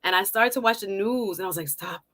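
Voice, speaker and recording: Bright, chatty woman hosting a livestream. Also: mid-range voice, quick pace. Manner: chatty, laughs often, greets viewers by name. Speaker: livestream host. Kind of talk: casual livestream chat.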